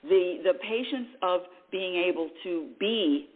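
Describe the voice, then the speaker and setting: A woman hosting a spiritual call-in radio show, preaching in an animated way and acting out quoted voices. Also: lowish voice, takes it slowly, narrow, tinny audio. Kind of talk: spiritual talk radio monologue.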